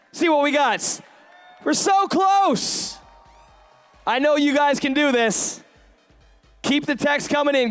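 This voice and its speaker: A man giving a high-energy stage pep talk, rallying the crowd with call-and-response questions and shouted bursts of hype. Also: clean tone, no echo. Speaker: motivational event speaker.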